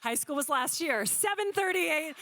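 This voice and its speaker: A woman from Louisiana calling paddle numbers as a charity auctioneer, rattling off bids quickly with joking asides to the room. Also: sits high, expressive, pushed and bright. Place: large banquet hall.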